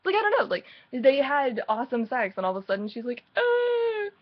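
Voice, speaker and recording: A woman's voice: on the high side, sing-song, quick pace. Snarky woman vlogger on a lo-fi mic. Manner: snarky, rambling, mocking asides. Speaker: book reviewer. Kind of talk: casual sarcastic chapter recap.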